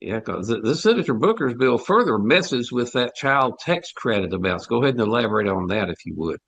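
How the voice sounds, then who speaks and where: A man's voice: medium pitch, sing-song, a little fast, fairly bright tone, slight background noise. A man co-hosting a talk show, giving sarcastic, folksy commentary on policy with plenty of fillers. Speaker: podcast co-host.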